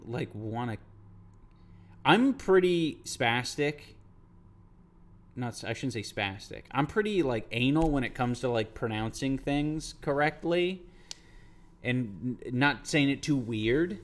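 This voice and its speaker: Man, livestreamer, casual chat, relaxed slow pace, profane, rambling. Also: medium pitch. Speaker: streamer.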